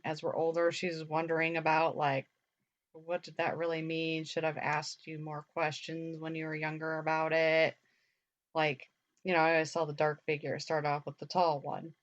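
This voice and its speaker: Chatty young woman, lo-fi sound. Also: low-pitched. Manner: rambling, chatty, peppered with "like" and mild swearing. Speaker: podcast co-host. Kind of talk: casual chat. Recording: dull lo-fi recording.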